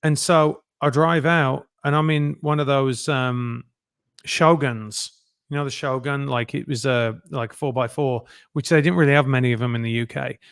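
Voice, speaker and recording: A middle-aged man, a guest telling lively anecdotes and acting out other people's lines in a casual interview. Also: mid-range voice, normal speed, clear, resonant tone, no echo, clean studio sound. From England.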